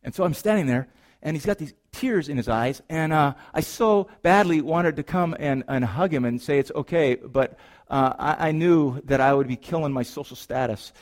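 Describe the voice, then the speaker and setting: A middle-aged man as a pastor, preaching a sermon in a church, moving between lively storytelling and hushed, earnest reflection. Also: fairly high pitch, moderate pace. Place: church sanctuary.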